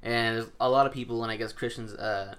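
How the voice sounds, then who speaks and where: A man's voice: mid-range voice, fairly even intonation, quick pace, fairly bright tone. A young man tells a long story in casual chat, swearing freely and acting out his friends' lines.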